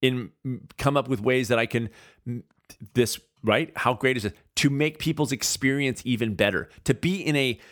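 A man's voice: medium pitch, moderate pace, fairly bright tone. Earnest man giving a rambling pep talk. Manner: earnest, conversational, repeats phrases for emphasis; restarts and stammers mid-thought. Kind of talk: casual motivational monologue.

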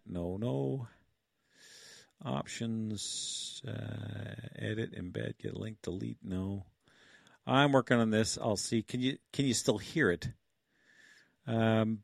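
An older man in his sixties hosts a livestream in a loose, rambling way, often chuckling and talking through what he is doing. His voice sits at an ordinary middle pitch, and the sound is close and dry with no room echo. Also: gravelly. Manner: rambling, chuckling, thinks aloud. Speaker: livestream host. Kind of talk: casual livestream chat.

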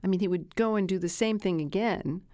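A woman's voice: mid-range voice, fairly quick, dark tone, no room sound, studio quality. A woman researcher being interviewed, telling anecdotes and acting out quoted dialogue in a conversational way. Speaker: animal researcher guest.

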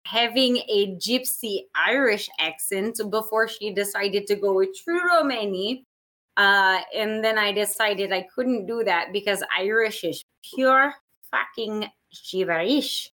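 A woman's voice: mid-range voice, measured pace, sharp tone. A woman chatting on a video call, blunt and freely profane. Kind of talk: casual video call chat.

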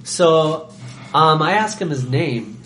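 A young man chatting on a podcast as a guest, telling an animated story and acting out the voices of the people in it. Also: on the high side, slow, slight background noise. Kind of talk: casual chat, storytelling.

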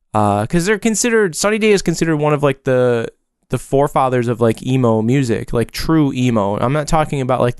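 A man in his forties tells a loose, rambling story in casual podcast chat, stopping and restarting as he goes. His voice is smooth and clear, recorded dry and close with no room sound. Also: medium pitch, a little mellow, no room sound. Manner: rambling, chatty storytelling with frequent fillers.

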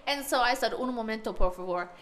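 A woman's voice: fairly high pitch, fast talker, a crowd in the background. A woman who teaches school tells a funny story in casual chat, acting out the voices of the people in it. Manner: animated storyteller who acts out the voices of others.

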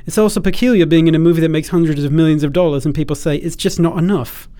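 A cheery British actor type who gushes with breezy, mock-posh delight, as an American-sounding podcast host puts on a generic accent. The voice sits fairly high for a man. A man acts him out at a brisk clip. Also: fairly even intonation, mellow, lightly acted. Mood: gushing. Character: adult male British actor, breezy and pleased.

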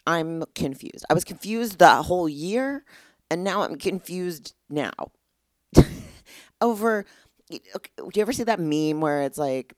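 A woman's voice: fairly low pitch, animated, measured pace, no room sound, studio quality. A young woman hosting a casual solo podcast, candid and exasperated, rambling with lots of "like". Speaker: podcast host.

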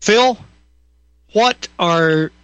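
A man hosting a talk radio show who speaks in halting, reflective interjections. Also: high-pitched, fairly bright tone, smooth, no echo. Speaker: radio host.

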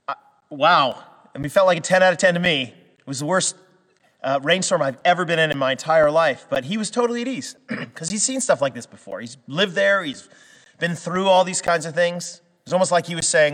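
A man's voice: on the high side, lively intonation, a little fast, a bit bright, long reverb tail. A man from western Canada preaching a sermon in a conversational way, with restarts and fillers that build to emphatic peaks. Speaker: pastor.

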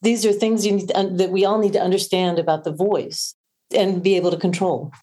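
A woman's voice: medium pitch, fairly even intonation, a little fast, mellow. A woman voice coach on a podcast, explaining and demonstrating how breathing shapes the voice. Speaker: voice coach guest. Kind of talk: podcast interview.

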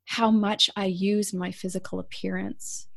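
A woman's voice: mid-range voice, little pitch movement, a little slow, gravelly, no echo. Candid woman guest, dry close mic. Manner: candid, emphatic, acts out her own past words. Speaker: podcast guest, coach. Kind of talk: personal storytelling in an interview.

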